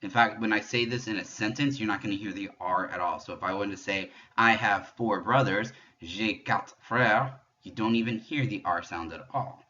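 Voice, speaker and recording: A man giving a patient pronunciation lesson, explaining French sounds step by step and demonstrating them slowly. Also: fairly low pitch, pushed and bright, muffled recording. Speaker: French teacher.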